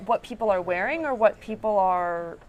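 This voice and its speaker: A woman's voice: mid-range voice, animated, moderate pace, muffled recording, a loud crowd. A woman TV news reporter with a New York accent, chatting casually on air and laughing as she tells stories.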